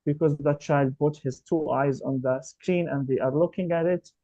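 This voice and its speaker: A man's voice: fairly high pitch, steady tone, moderate pace, warm tone, dry recording, lo-fi sound. A man explaining earnestly on a webinar panel, often repeating words as he searches for them. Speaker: panelist, autism specialist.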